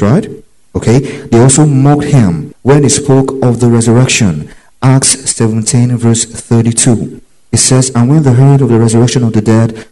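A man's voice: medium pitch, dark tone, poor audio. A man teaching from the Bible, reading verses aloud and telling listeners to underline key phrases. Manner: reads scripture aloud, repeats "underline that". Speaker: preacher.

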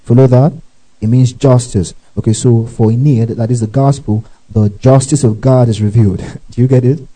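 A man's voice: mid-range voice, fairly even intonation, moderate pace, warm tone, rough recording. A man preaching a teaching sermon, reading scripture with asides, often asking if listeners follow and breaking into praise exclamations. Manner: reads scripture aloud with asides.

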